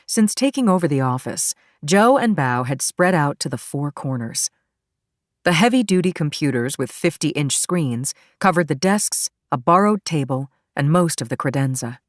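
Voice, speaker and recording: A woman narrates a crime thriller audiobook in an even, steady way. Her voice is very low, and the recording is dry and close, with no room around it. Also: normal speed, no room sound. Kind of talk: scripted narration.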